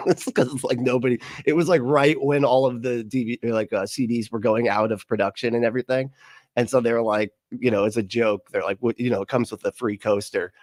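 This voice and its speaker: A man's voice: medium pitch, a little mellow, no room sound. Guy doing a livestream reaction, laughs a lot, rambles, dry close sound. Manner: laughing, rambling, mocking asides. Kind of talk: casual reaction commentary.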